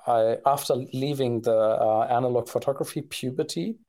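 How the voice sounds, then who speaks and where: A man's voice: medium pitch, moderate pace, dark tone. A man co-hosting a podcast in casual conversation, talking hesitantly with many fillers and restarts. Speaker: podcast co-host.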